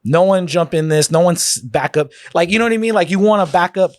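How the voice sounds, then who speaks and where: A man's voice: sits high, quick pace, no echo, clean studio sound. A man from Oakland, a comedian telling stories in a casual podcast chat, with many fillers and restarts. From East Oakland, California. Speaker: comedian guest.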